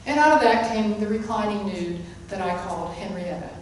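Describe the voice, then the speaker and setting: A woman's voice: medium pitch, fairly quick, a little hiss or hum. Woman teaching in an echoey hall. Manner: emphatic, repeats key phrases. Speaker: spiritual teacher. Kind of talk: sermon-style teaching. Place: hall of a spiritual center. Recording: echoey room, mic at a distance.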